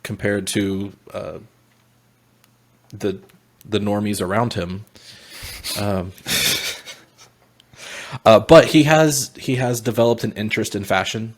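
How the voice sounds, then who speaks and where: A man describing his character in a tabletop game, halting with many fillers and restarts. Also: on the low side. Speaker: player.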